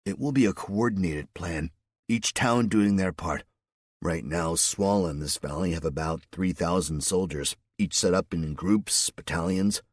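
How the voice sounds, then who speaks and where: Male reader as a steady, soft-spoken planner; low, husky, dry. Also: no echo. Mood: measured. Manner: quiet, measured. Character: calm older man, former gym teacher, resistance planner.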